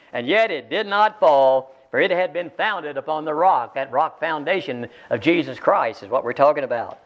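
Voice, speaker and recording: High-voiced man preaching emphatically. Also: a bit bright. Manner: emphatic, repeats key phrases for weight. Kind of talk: sermon. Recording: dull lo-fi sermon recording.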